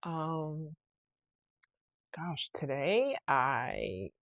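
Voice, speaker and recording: A young woman hosting a casual solo podcast, telling a story in a rambling, animated way with many fillers and restarts. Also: low voice, very slow, dry recording, highs cut off. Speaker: podcast host.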